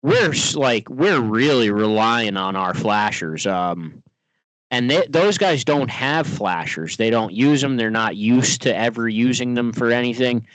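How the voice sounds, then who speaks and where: A man's voice: mid-range voice, animated, unhurried, a bit bright, no echo, rough recording. Eager male podcast co-host, dry sound. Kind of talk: casual chat.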